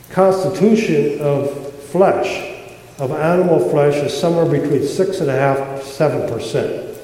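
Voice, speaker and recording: A man preaching a sermon with passion, repeating words for emphasis and swinging from loud declarations to hushed tones. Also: a little high. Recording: echoey hall.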